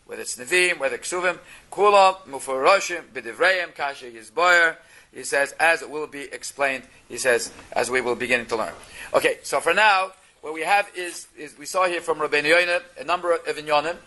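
Man, Torah teacher, high bright voice, reads and translates texts, rhetorical questions. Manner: reads Hebrew phrases then translates into English; explanatory, asks rhetorical questions. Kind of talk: text-based religious class.

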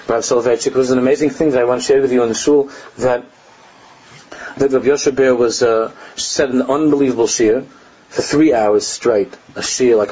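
An older man with a mid-range, slightly mellow and somewhat rough voice gives a Torah class as a rabbi. He tells stories animatedly, laughs at his own anecdotes, and mixes Hebrew and Aramaic phrases into his English. The lo-fi recording sounds dull.

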